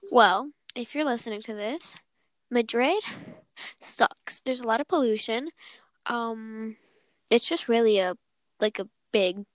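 Giggly, rambling young woman, high voice. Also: a little slow, pauses often, no room sound, rough recording. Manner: giggly, rambling, self-interrupting. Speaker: podcast co-host. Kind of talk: casual chat.

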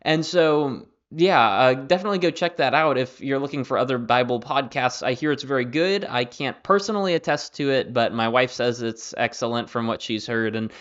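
A young man hosting a Bible study podcast, talking in a relaxed, conversational way with plenty of fillers and restarts. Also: medium pitch, moderate pace, hardly any pauses. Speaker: Bible teacher and podcast host. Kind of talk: casual Bible study talk. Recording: slightly dull lo-fi audio.

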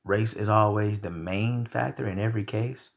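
A man's voice: on the low side, steady tone, normal speed, vocal fry. A young man hosting a podcast, ranting bluntly and heatedly with lots of profanity. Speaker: podcast host. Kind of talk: casual rant.

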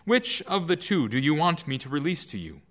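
A man's voice: a little high, sing-song, fairly quick, pitched above the performer's own voice. A man reading as an anxious, insistent Roman governor. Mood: pleading. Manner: raised, pressing questions.

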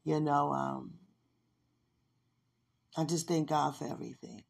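A woman's voice: low voice, little pitch movement, measured pace, gravelly. A woman hosting a podcast, talking about her faith in a fervent, emotional way and laughing often. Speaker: podcast host. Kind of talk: devotional personal talk.

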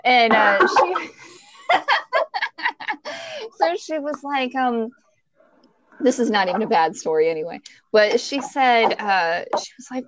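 Animated woman telling a story, dry and dull. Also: a little high, a little slow, no room sound. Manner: animated, swears, acts out quoted lines loudly. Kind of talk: casual storytelling chat.

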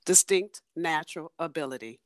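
A woman in her forties, a coach, speaking as a podcast guest and telling stories in lively, rapid bursts. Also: deep voice, no echo, clean studio sound. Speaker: business and transformation coach.

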